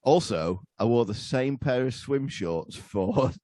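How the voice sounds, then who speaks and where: A man's voice: mid-range voice, expressive, slow pace, warm tone, no room sound. A man, a podcast guest telling crude, rambling stories in casual chat. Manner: crude, rambling, laughing storyteller.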